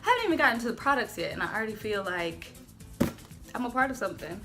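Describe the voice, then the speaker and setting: A woman vlogging at home as she unboxes hair products, chatty and gushing with excitement. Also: a little high, fast. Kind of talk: casual unboxing vlog. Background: faint background music.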